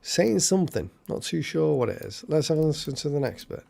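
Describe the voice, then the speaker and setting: A man hosting a casual live stream, chatty and excitable, thanking viewers by name. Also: a little high, brisk, creaky, slight background noise.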